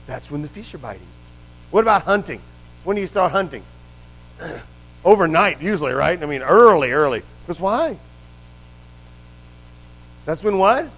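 Chatty male preacher, slightly high voice. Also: big pitch swings, normal speed, long pauses, a bit bright, rough recording. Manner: conversational, quizzes the congregation with questions; rambling with frequent restarts and asides. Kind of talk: sermon.

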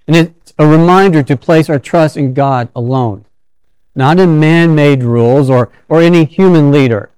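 A man's voice: on the high side, moderate pace, a little mellow, clean tone, no room sound. A man preaching a sermon in a conversational storytelling way, often restarting his sentences.

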